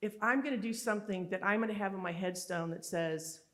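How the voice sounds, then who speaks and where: A woman giving a motivational conference speech, telling stories in an animated, emphatic and candid way. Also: mid-range voice, fairly quick. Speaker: summit speaker. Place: live conference event.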